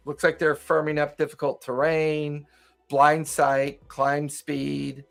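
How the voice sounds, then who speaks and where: A man co-hosting a relaxed podcast chat, reading game rules aloud and laughing easily. His voice sits a little high and carries a gravelly fry. Faint music plays under the talk. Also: slow. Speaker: podcast co-host. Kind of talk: casual chat about tabletop games.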